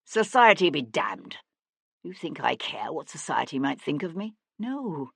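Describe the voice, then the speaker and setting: A woman's voice: sits low, sing-song, measured pace, creaky, a bit bright, husky, no room sound, heavily acted. A woman voicing a cold, stern young nobleman who speaks in a clipped, threatening way. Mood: earnest.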